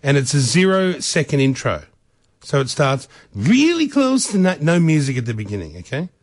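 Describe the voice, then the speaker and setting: An Australian man hosting a radio show with brash, crude, mocking banter. His voice swoops up and down a lot and sits a little high. The sound is close and dry. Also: sing-song, moderate pace, no room sound. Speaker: radio host.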